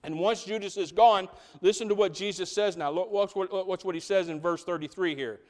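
A man preaching a sermon as pastor, animated and conversational, often asking the congregation questions. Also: sits high, a little fast.

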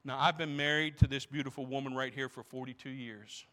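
A man's voice: medium pitch, fairly even intonation, brisk, fairly bright tone. A man in his sixties, a pastor preaching to a congregation in church, emphatic, asking rhetorical questions and repeating words. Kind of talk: sermon.

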